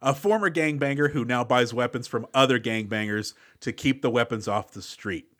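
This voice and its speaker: A man's voice: medium pitch, normal speed, a bit bright. A man co-hosting a movie podcast, recapping the plot in casual chat with a wry tone. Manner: recaps plot, wry, sometimes does voices. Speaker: podcast co-host.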